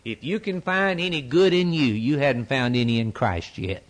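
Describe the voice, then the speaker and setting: A man's voice: mid-range voice, moderate pace. A male preacher delivering a sermon from the pulpit, emphatic and rhetorical, with folksy turns of phrase.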